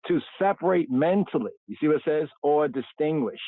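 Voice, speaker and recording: A man's voice: on the high side, animated, no echo. A man leads a livestreamed scripture lesson, and his voice comes through a thin, tinny, phone-like line with no room sound. He stretches out foreign words and says them again and again. He often stops to ask "right?". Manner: drawn-out repetition of Hebrew words, frequent "right?" check-ins. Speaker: host teaching scripture and Hebrew. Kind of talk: livestreamed Bible study.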